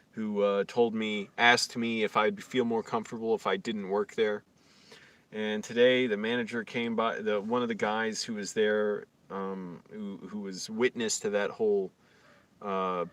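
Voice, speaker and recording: A man's voice: fairly low pitch, moderate pace, fairly bright tone. Guy from virginia ranting on his stream, fired up and rambling, lots of uh and like. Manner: indignant, rambling, many fillers. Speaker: livestreamer. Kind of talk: casual livestream rant.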